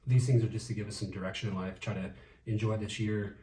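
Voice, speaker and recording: Man vlog co-host, lowish voice, relaxed chat, distant roomy echo. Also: fast talker, a little hiss or hum. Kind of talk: casual chat. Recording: echoey room, mic at a distance.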